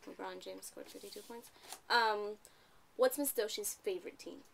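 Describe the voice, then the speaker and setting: A young adult woman tutoring a child in reading, asking steady guiding questions. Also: mid-range voice, moderate pace, gravelly. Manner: patient, questioning, coaching. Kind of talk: one-on-one reading lesson.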